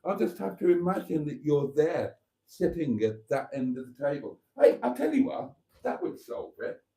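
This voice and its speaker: Live stream host, male, camp and self-mocking, warm mellow tone, very lively pitch, phone mic. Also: normal speed, gravelly, breathy edge. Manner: theatrical, self-mocking, calls viewers darlings. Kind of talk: casual live stream chat reading viewer comments. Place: at a table indoors. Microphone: phone camera.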